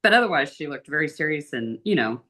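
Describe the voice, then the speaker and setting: Low-voiced woman telling travel stories. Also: fast. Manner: chatty, animated storytelling with big pitch lifts. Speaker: interview guest. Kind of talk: casual interview storytelling.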